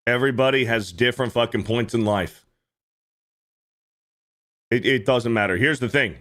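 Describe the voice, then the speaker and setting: Reacting to clips on his livestream, a man talks at normal speed in a mid-range voice with a fairly bright tone. He keeps it casual and profane, often repeating himself.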